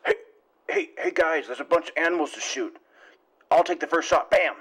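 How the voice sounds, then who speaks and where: A man acting in a playful comedy skit, animated and swooping in pitch. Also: moderate pace, rough recording. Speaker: show regular.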